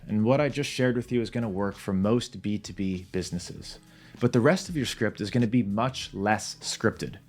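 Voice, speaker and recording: A man teaching beginners a sales method in a direct, confident, plain-spoken way. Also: fairly low pitch. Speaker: sales trainer. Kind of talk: instructional talk to camera.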